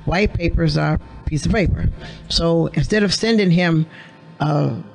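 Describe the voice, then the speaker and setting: A woman's voice: sits low, measured pace, gravelly. A woman radio host talking in a studio, explaining emphatically and acting out quoted dialogue. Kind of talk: casual radio conversation.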